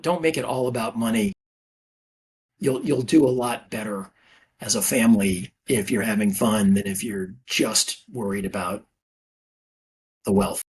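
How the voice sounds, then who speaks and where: A man's voice: on the low side, measured pace, pauses often, slightly rough. A man speaking as a business executive guest on a podcast, talking earnestly with frequent fillers and restarts. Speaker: CEO of a family office, podcast guest. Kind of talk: conversational interview.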